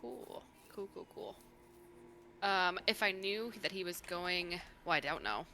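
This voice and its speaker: A woman's voice: lowish voice, very animated, unhurried, gravelly, sharp tone, slight background noise. A woman playing a tabletop role-playing game, wry and joking. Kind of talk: casual in-character play.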